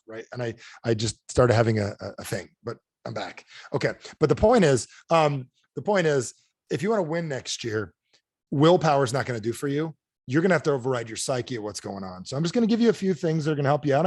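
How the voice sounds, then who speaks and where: Fast, punchy motivational speaker man. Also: medium pitch, dry recording, studio quality. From United States. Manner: punchy, repetitive rhetorical questions. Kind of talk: motivational talk on a video call. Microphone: close mic on a video call.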